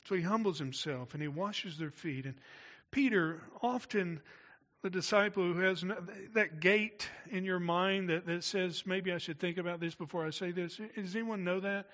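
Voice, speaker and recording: A man's voice: high voice, moderate pace, a bit bright. A middle-aged man, a pastor, preaching a sermon in a conversational way with asides to the congregation.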